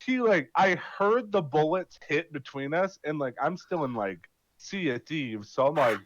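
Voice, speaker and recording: A man's voice: a little high, unhurried, no echo, highs cut off. A man in casual voice chat swearing freely as he tells a mission story, acting out what everyone said. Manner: animated, swearing, acting out his own lines. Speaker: gamer telling a mission story.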